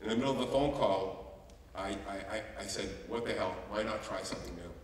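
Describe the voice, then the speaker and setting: A man giving a humorous storytelling talk as a youth care trainer, animated and jokey. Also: fairly low pitch, fairly quick, a little hiss or hum. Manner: animated, jokey, breaks into singing. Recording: echoey hall, mic from far off.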